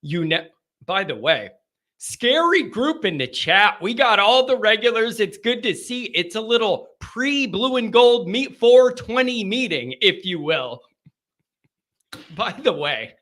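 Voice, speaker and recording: A man hosting a live late-night call-in sports show, rowdy and animated, chatting with his viewers. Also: high voice. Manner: rowdy, animated, talks to the chat.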